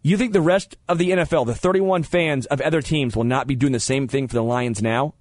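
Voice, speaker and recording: A man's voice: medium pitch, brisk. Opinionated male sports radio host. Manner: animated, opinionated, stammers on restarts. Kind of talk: sports talk radio banter. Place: radio studio.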